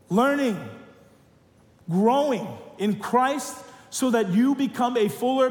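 A male pastor preaching a sermon, telling stories and joking, animated. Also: very high-pitched. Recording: echoey church hall.

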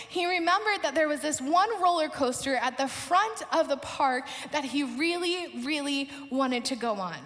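A woman preaching a sermon, telling a personal story in a lively way and acting out the people in it. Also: high-pitched, in a large hall. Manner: animated storytelling, acts out quoted voices.

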